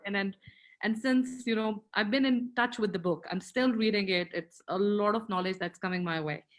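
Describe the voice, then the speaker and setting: A woman hosts an interview and works her way toward a question about the guest's book. She hesitates and restarts, repeating small words along the way. Her pitch is in the middle for a woman. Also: moderate pace. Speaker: interview host.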